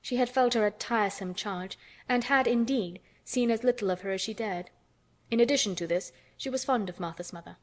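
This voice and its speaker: A woman narrating an audiobook in a calm, measured way. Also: a little high. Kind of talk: scripted narration.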